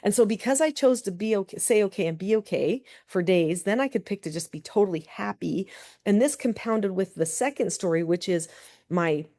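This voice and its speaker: A middle-aged woman, a parenting expert, telling personal stories as a guest in a podcast interview, animated and full of "like" and "you know". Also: medium pitch, fairly quick. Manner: animated storyteller, many fillers like "like" and "you know".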